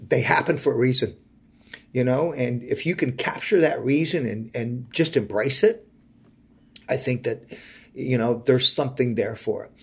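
Gravelly-voiced guy in his 40s, earnest and heartfelt, goes quiet a lot when telling his story. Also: mid-range voice, normal speed. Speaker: interview guest. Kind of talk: personal storytelling in conversation.

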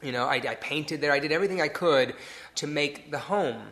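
A man's voice: a little high, fairly quick, a bit bright. A man from Detroit, a hairstylist, telling his story in a casual interview and acting out the people he quotes. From Detroit area, USA. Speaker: hairstylist guest.

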